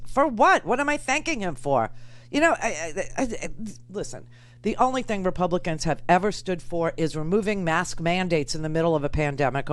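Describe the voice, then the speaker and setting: A woman hosting political talk radio, sarcastic and combative, laughing at her opponents. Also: fairly low pitch. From United States. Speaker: radio talk show host.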